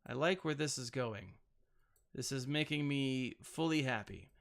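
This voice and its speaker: Gravelly, slow-talking man narrating gameplay. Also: mid-range voice. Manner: rambling, self-mocking, with playful sound effects. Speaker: gaming channel host. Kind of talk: casual gameplay commentary.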